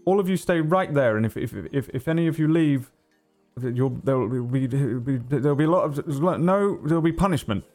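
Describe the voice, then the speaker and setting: A man's voice: animated, normal speed, darkish tone, faint music behind, natural voice. A man voicing a panicky human man who runs an orphanage, stammering and flustered in a raised voice. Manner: flustered, stammering, high-pitched. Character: panicky male human orphanage keeper in poncho.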